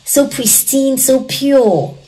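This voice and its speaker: A woman's voice: high-pitched, takes it slowly, mellow. A woman hosting a reaction video, giving casual, gushing and admiring commentary. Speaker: reaction channel host. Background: faint music.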